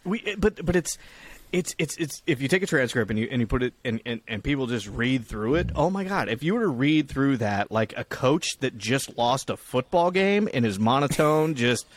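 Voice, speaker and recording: A young man co-hosting a casual podcast, talking in loose, rambling runs and restarting his sentences. He swears freely and his voice sits at an ordinary middle pitch. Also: animated, moderate pace, no room sound. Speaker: podcast co-host. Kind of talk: casual chat.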